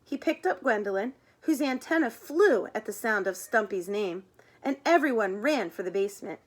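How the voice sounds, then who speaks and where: A woman reading a children's chapter book aloud in an expressive way. She gives the characters their own voices. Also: medium pitch, normal speed. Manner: expressive, voices the characters, chats about the pictures.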